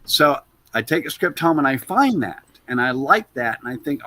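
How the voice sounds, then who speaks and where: A man who is an actor, telling stories as an interview guest in a loose, animated way that trails off into "blah, blah.". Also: medium pitch, moderate pace. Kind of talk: anecdotal interview storytelling.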